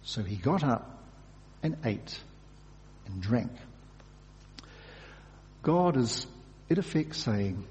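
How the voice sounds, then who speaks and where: A male pastor delivers a sermon with a lively, animated pitch that rises for emphasis and drops almost to a hush. His voice rings out with a long reverb from a large hall. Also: very slow, long pauses, muffled recording. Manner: expressive, shifts from loud emphasis to hushed.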